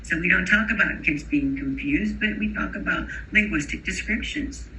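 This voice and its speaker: A woman instructor gives a recorded lecture with a very bright, sharp voice. She demonstrates each sound aloud and keeps checking in with her listeners. A faint hiss sits under her speech. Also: lowish voice, animated, moderate pace, rough recording. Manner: explicit, models sounds and checks in with rhetorical questions. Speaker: instructor for teachers of bilingual children.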